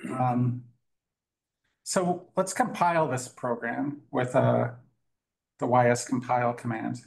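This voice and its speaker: A man presents a live tech talk with a demo to a meetup audience, speaking casually and jokingly with plenty of fillers and restarts as a conference speaker. His medium-pitched voice is fairly even, slow, and edged with vocal fry. The recording is low quality.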